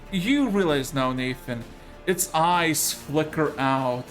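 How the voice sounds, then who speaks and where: A man narrating a tabletop role-playing session as game master, drawing out his descriptions slowly and dramatically. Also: a little high, a bit bright.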